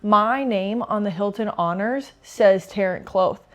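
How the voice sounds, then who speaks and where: A young woman, a pro beach volleyball player, chatting casually and recounting a hotel check-in, quoting people brightly. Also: medium pitch, unhurried. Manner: lively, quotes people in a brighter voice. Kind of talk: casual storytelling.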